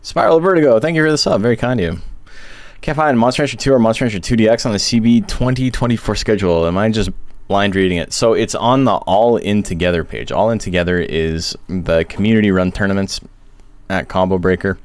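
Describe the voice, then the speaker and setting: A man with a deep voice chats casually on a live stream, rambling and poking fun at himself. He keeps getting interrupted by hiccups. The sound is dry, with no room echo. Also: brisk. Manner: chatty, rambling, self-deprecating. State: has hiccups.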